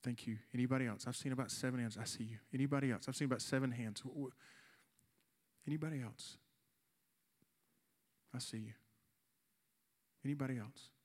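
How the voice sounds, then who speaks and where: A man in his forties, a youth pastor, preaching an earnest sermon with an altar call, slowing down for emphasis and pleading with the room. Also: medium pitch, steady tone, a little mellow.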